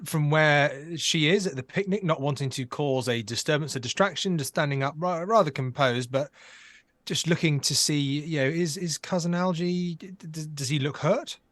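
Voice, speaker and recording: A man playing an improvised tabletop game, speaking in a halting, stammering, playful way. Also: on the high side, a bit bright, dry recording. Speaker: player.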